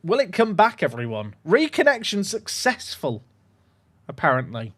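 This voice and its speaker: A young man streaming a football management game, commentating casually with sarcastic, excitable swings. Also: high voice, normal speed, no echo. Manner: animated, sarcastic, swings between excitement and mock despair. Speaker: gaming streamer.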